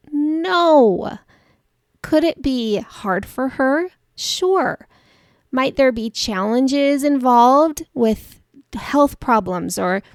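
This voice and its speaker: Woman host, chatty self-deprecating storyteller, gravelly edges, close and dry. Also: fairly high pitch, no echo. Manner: chatty and warm-humored, laughs at herself. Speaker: podcast host. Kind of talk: personal storytelling monologue.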